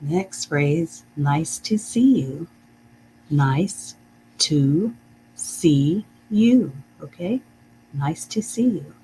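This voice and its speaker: A teacher leading a live-streamed reading lesson, saying phrases slowly and carefully, checking in with "okay?" and chuckling often. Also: medium pitch, expressive, warm tone, slight background noise, poor audio. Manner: reads out viewer comments.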